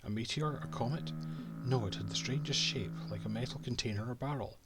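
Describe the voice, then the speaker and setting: A man's voice: mid-range voice, sing-song, brisk, loud music behind the voice, close to an everyday voice. A Scottish man voicing a haughty male cartographer and reading his old-fashioned diary aloud from a game.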